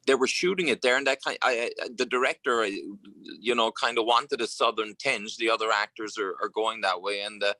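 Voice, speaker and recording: An Irish actor chatting casually as an interview guest, telling relaxed stories with plenty of fillers. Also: male voice, fairly low pitch, fairly quick, no room sound. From Ireland. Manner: anecdotal, relaxed storytelling with frequent fillers.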